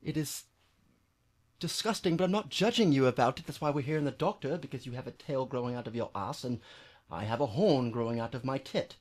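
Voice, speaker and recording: A man's voice: mid-range voice, a little fast, pitched below the performer's own voice, close to an everyday voice. A man voicing an ugly, easily offended wizard in an improv scene, speaking with a put-on accent in a prim, fussy manner at a games venue. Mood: peeved. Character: ugly peeved wizard with a horn on the chest.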